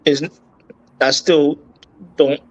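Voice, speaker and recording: A man with a voice that sits a bit high, talking through a hard memory as an interview guest, choked up, stopping and starting, words tumbling and repeating. the audio is dull and lo-fi. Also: flat delivery, darkish tone. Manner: halting, with many restarts and repeated words. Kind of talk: emotional personal story.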